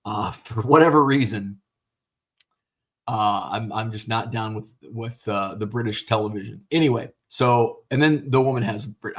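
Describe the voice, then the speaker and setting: A man's voice: fairly low pitch, normal speed, fairly bright tone. Casual male stream host, middle-aged, rambly and unpolished, talking into a computer mic. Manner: rambling, many fillers and restarts, swears casually. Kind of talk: casual livestream chat.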